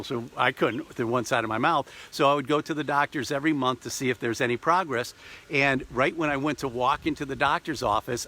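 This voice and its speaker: A middle-aged man, a business coach, telling a personal story in a motivational vlog with an animated manner. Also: medium pitch, a little hiss or hum. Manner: lively, animated, acts out quotes and voices. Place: recording on a trip abroad.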